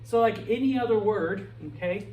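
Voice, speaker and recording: Teaching Spanish, a middle-aged man with a high voice lectures at a normal speed, tacking "okay?" or "all right?" onto almost every point. The sound is lo-fi, recorded from a distance in an echoey classroom with faint noise.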